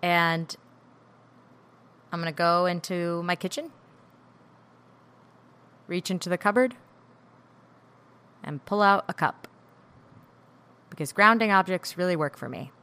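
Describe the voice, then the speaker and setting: Woman podcast host, lower-pitched, bright edge, introspective solo monologue. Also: slow pace, long pauses, clear, resonant tone. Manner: candid, introspective, working through feelings aloud.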